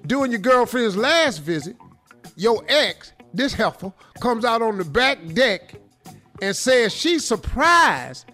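A man hosting a show, giving comedic advice commentary in an animated, teasing, streetwise style. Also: very high voice, slow, soft background music. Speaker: radio show host.

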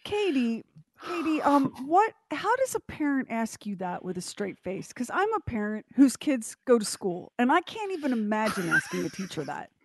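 A woman hosting a radio show, introducing a segment and reacting in an expressive, incredulous way. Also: on the high side, moderate pace, breathy edge.

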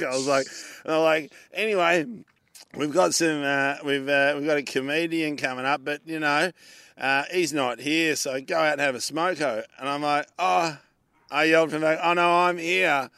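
An Australian man, a comedian and podcast co-host, telling a long story in casual chat, animated and swearing freely as he acts out the people in it. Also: fairly high pitch, dry recording, studio quality.

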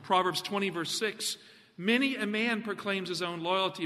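High-voiced preacher in an echoing hall. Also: male voice, moderate pace. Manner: animated, asks the congregation questions. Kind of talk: sermon.

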